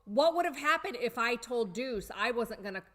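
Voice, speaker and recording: A woman's voice: on the high side, expressive, normal speed, a bit bright. A woman co-hosting a livestream, chiming in and reading out chat comments. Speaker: co-host of a livestream.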